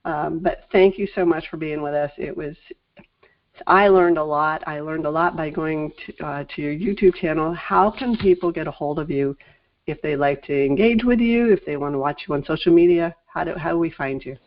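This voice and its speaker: A woman's voice: deep voice, lo-fi sound. A woman hosting an interview, affirming her guest and thanking her, talking through a sore throat. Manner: warm thanks, affirming, slightly halting. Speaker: podcast host. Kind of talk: casual interview chat.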